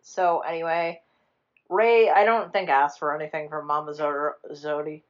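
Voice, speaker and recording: Woman co-host, lowish voice, rambling animated plot recap, muffled lo-fi recording. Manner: rambling, animated retelling with quick put-on character voices and swearing. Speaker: podcast co-host retelling a film. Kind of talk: casual chat.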